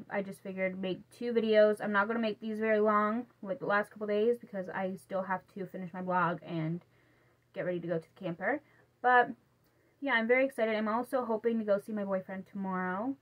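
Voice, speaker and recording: A woman's voice: mid-range voice, fairly bright tone. A young woman vlogging in a casual, chatty way, reading a Halloween story aloud and stumbling over words now and then.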